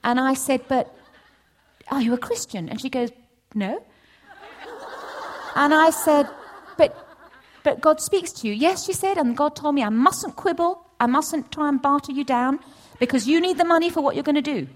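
A middle-aged woman giving a testimony at a church session, storytelling with lively acted-out dialogue. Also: moderate pace. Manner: animated storytelling, acts out voices with big pitch jumps. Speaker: church speaker. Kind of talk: testimony sermon.

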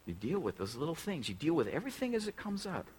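A man's voice: a little high, huge pitch swings, fast, a little mellow, breathy edge, rough recording. A male pastor preaching a sermon in a conversational way, often putting direct questions to the congregation.

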